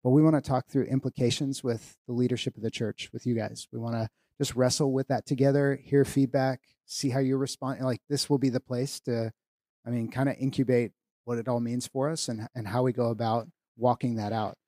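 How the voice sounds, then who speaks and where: A male church leader giving announcements in a relaxed, informal way, with fillers and restarts. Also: mid-range voice, a little fast, dry recording, clean studio sound.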